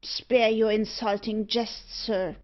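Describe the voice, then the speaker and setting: A woman voicing a bitter, frightened young gentleman, delivering his lines slowly and tensely. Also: a little high, steady tone. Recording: dull lo-fi audiobook recording.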